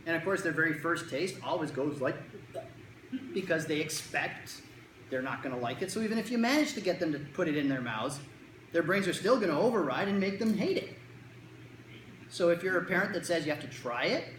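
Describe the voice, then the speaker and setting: Lively clinician acting out kids' voices. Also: mid-range voice, reverberant, a little hiss or hum, rough recording. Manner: lively, acts out kids and parents in quick put-on voices. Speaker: child anxiety clinician giving a talk to parents. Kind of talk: talk to a live audience.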